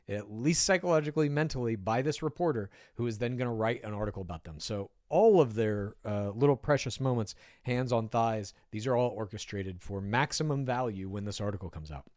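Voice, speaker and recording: A man reads an article aloud and breaks in with casual, wry remarks and tangents. His voice sits at a mid pitch, and the sound is dry and close, with no room echo. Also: a little mellow. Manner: casual, wry, digressive, swears. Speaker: pop culture commentator. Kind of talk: commentary reading an article aloud.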